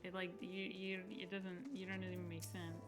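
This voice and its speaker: A woman's voice: mid-range voice, monotone, moderate pace, soft background music. Chatty woman co-player. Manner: chatty, many "like" fillers. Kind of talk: casual chat.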